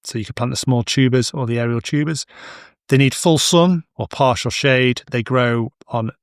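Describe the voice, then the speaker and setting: A man's voice: mid-range voice, moderate pace, dry recording, studio quality. A middle-aged man hosting a casual educational podcast, chatty and digressive with anecdotes. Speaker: podcast host, horticulture expert.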